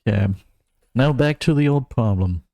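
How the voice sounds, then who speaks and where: A man's voice: mid-range voice, expressive, normal speed, a little mellow, no echo. A young man from Germany, giving wry, self-mocking running commentary while streaming a game. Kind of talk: casual gameplay commentary.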